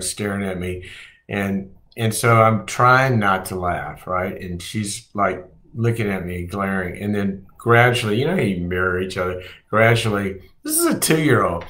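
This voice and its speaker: A man, a psychologist hosting his show, teaching to camera in an animated way, acting out babies and parents and swinging between loud and hushed delivery. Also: fairly low pitch. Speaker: psychologist host.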